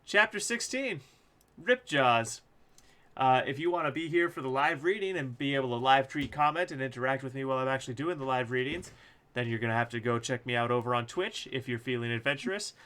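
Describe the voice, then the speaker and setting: A man's voice: mid-range voice, quick pace, a bit bright. A man reading his own novel aloud on a live stream, casual and crude with joking asides.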